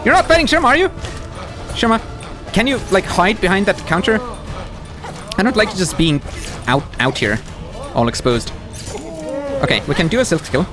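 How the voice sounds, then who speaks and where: A man's voice: sits high, normal speed, pauses often, music in the background. A man doing live gameplay commentary as a streamer, talking back to the game's characters. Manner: animated, talks to the game characters.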